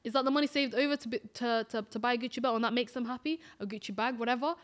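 A woman's voice: on the high side, very fast. Argumentative woman in casual chat. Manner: argumentative, repeats herself. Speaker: podcast co-host.

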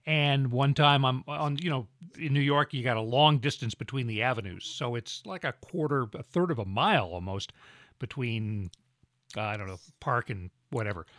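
A man's voice: mid-range voice, moderate pace, fairly bright tone, dry recording, studio quality. A middle-aged man co-hosting a podcast, telling wry anecdotes with easy laughs in casual banter. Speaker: podcast co-host.

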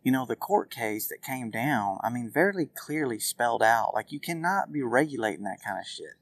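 A man's voice: medium pitch, expressive, normal speed, hardly any pauses, no echo. A man ranting through a casual solo podcast, profane, rambling and exasperated. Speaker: podcast host.

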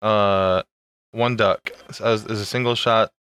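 A man co-hosting a casual podcast, laid-back and quick to laugh. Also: on the low side, fairly even intonation, a bit bright, clean tone. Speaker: podcast co-host. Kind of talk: casual chat.

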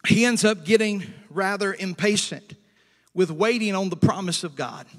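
A male pastor with a high, fairly bright voice preaches a sermon, and a long reverb tail trails his words. He draws out scripture quotes, slowing down to stress them, and calls for amens and hallelujahs from the congregation in a preachy call-and-response style.

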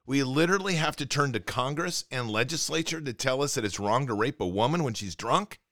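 A man's voice: medium pitch, lively intonation, brisk, fairly bright tone, no room sound, studio quality. A man hosting a commentary show, ranting indignantly and sarcastically while reading news items aloud.

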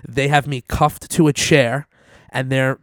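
A man's voice: mid-range voice, unhurried, no room sound, clean studio sound. A man telling a story in casual chat, swearing a lot and acting out his lines. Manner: swears a lot, animated retelling. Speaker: storyteller guest.

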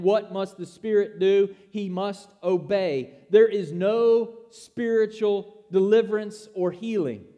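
A man delivers a sermon in a high but mellow voice. He preaches emphatically and poses rhetorical questions to his listeners. The sound carries a long reverb, as in a large hall. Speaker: pastor.

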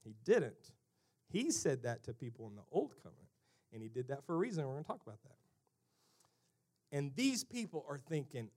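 A high-pitched man preaching. He booms out key lines, then drops to a near-whisper, and mimics the people in his story in mocking voices. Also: very animated, moderate pace. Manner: swings from loud emphatic calls to hushed near-whispers; acts out characters in mocking voices. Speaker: pastor. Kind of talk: sermon.

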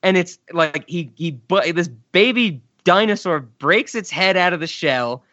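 A man co-hosting a casual podcast, his bright, slightly higher voice swinging up and down as he talks. He laughs often and tosses in quick asides. The sound is dry and a little dull and lo-fi. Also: lively intonation, dry recording. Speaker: podcast co-host. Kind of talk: casual chat about sketch comedy.

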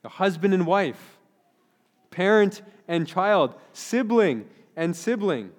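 A man's voice: high voice, lively intonation, slow. A man in his thirties, a pastor giving an earnest, conversational sermon with frequent restarts. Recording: long hall reverb.

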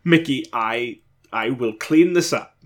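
A man's voice: mid-range voice, takes it slowly, lightly acted. A man voicing a bumbling, theatrical British ghost, an old inventor who gets flustered and pleads dramatically.

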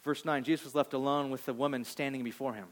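A male pastor delivering a sermon, building to loud emphatic peaks and dropping to hushed quoted lines, acting out voices from the story. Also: mid-range voice, fairly even intonation, quick pace. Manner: acts out voices of people in the story.

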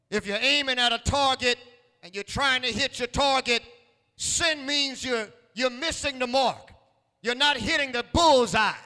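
A man with a very high, bright, ringing voice preaches a sermon in a style. He repeats his lines, throws questions at the congregation and swells into shouts. The sound carries a long echo from the hall. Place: church sanctuary.

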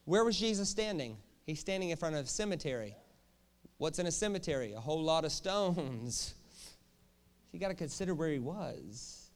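A man preaching a sermon in a jokey, animated way, often checking in with the crowd with quick questions. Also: fairly high pitch. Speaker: pastor.

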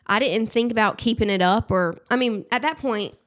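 Expressive Southern woman guest. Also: fairly high pitch, normal speed. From Alabama, US. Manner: expressive, animated storytelling with laughs. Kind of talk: casual interview chat.

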